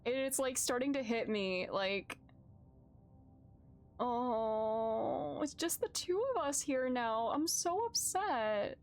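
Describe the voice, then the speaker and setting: A woman streamer reading a narrative game aloud and reacting live, moving from calm reading to loud, distressed outbursts. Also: fairly high pitch, slow, pauses often.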